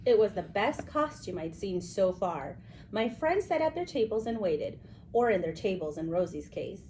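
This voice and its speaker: Animated woman reading a storybook. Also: mid-range voice, moderate pace, a little hiss or hum, rough recording. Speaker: reader. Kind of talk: reading a children's book aloud.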